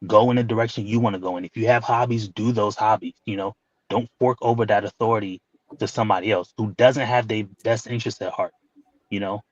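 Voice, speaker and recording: A man's voice: lowish voice, steady tone, brisk, dry recording, highs cut off. A man giving his opinions in casual talk, rambling and leaning on "you know" fillers.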